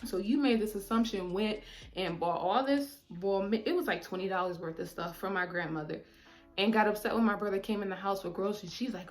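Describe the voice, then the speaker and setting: A woman in her twenties chatting casually while doing her makeup, talkative and animated, often saying "mind you". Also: medium pitch, a little fast, soft background music. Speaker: beauty vlogger.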